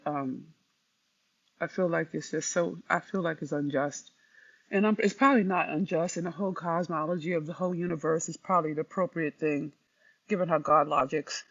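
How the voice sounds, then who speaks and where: A woman's voice: sits low, a bit bright, lo-fi sound. A woman talking candidly to her livestream viewers, rambling and emotionally raw. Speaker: livestream host. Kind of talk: unscripted livestream talk.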